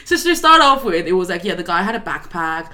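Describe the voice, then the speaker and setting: Bright, laughing young woman. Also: lowish voice, sing-song, a little fast. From Australia. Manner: laughs often, teasing. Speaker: podcast co-host. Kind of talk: casual chat.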